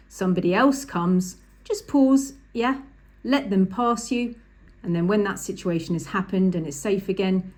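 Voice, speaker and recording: A woman's voice: on the low side, a little mellow. A woman, a driving instructor talking through a lesson over drawings, chatty and emphatic, repeating the key points.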